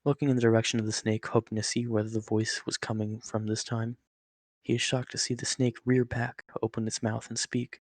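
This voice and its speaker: A man reading a story aloud in a steady, plain way, with occasional stumbles. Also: mid-range voice, fairly quick, no room sound. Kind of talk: read-aloud story narration.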